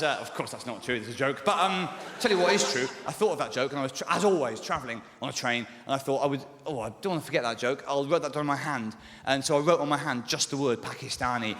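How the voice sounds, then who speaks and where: A man's voice: medium pitch, pushed and bright, slight background noise. A man performing live stand-up comedy on stage, rambling and hedging with lots of ums and sort-ofs. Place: large live venue on stage. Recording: echoey hall from the stage.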